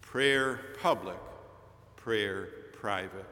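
A male preacher delivering a sermon as a slow, storytelling account with quoted dialogue. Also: medium pitch, lively intonation, sharp tone. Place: large chapel. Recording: chapel recording with long reverb.

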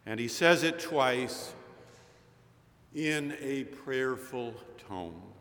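A male preacher delivering a sermon as a slow, storytelling account with quoted dialogue. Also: mid-range voice, animated, fairly bright tone. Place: large chapel. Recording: chapel recording with long reverb.

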